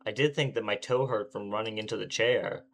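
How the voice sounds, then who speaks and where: A man's voice: fairly low pitch, fairly even intonation, fairly quick, a bit bright. A man voicing an irritable teenage boy protagonist, reading his brooding first-person lines aloud from a visual novel. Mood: confused.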